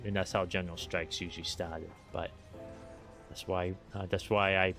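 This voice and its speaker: An American man streaming a game, talking in a relaxed, opinionated, conversational way. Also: low-pitched, normal speed, soft background music. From United States. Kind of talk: casual chat while gaming.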